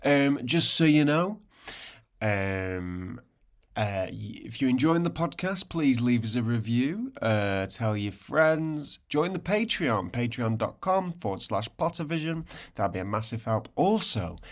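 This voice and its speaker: A man's voice: medium pitch, big pitch swings. A man co-hosting a podcast, chatting casually in a jokey, playful way. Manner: jokey, playful, quick to laugh. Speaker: podcast co-host. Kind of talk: casual comedic chat.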